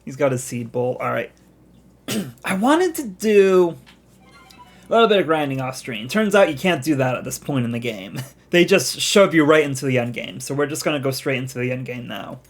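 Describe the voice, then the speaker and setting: A man's voice: mid-range voice, expressive, normal speed. A man giving casual gameplay commentary as a let's play streamer, chatty and laughing often.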